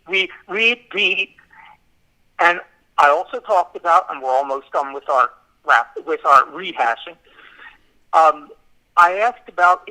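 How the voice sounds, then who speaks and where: A man with a high, strikingly bright voice recaps a songwriting lesson as a teacher. He speaks at an unhurried pace into a phone, animated and demonstrative. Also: rough recording. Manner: animated teacher, breaks into sung examples.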